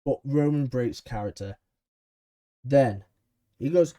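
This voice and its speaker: A man's voice: mid-range voice, lively intonation, normal speed, dark tone. A man recapping a wrestling episode in a chatty, enthusiastic way, with frequent ums. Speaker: wrestling show reviewer.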